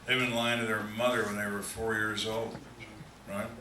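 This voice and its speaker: A man's voice: on the low side, flat delivery, a little fast, noisy background. An older man, a retired detective, speaking plainly to an audience at a question-and-answer session. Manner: dry, plainspoken storyteller acting out quoted voices. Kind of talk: storytelling Q&A talk. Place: large hall on a cruise ship. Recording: echoey hall from far off.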